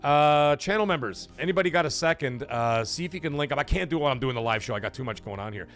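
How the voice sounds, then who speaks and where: A man's voice: on the high side, animated, quick pace, a bit bright, faint music behind. A man hosting a casual live stream who jokes, swears loosely and reads viewer messages aloud. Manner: chatty, joking, loose and profane. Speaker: livestream host.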